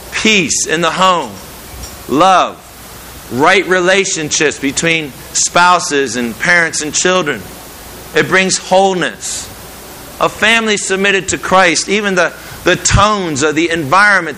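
A middle-aged man preaching a sermon in a measured, earnest way, repeating key phrases for emphasis. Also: on the high side, bright, forceful tone, a little hiss or hum, poor audio.

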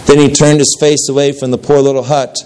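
A man reading a story aloud as a preacher, steady and unhurried, with occasional slips and restarts. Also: medium pitch, smooth, poor audio. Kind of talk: storytelling narration.

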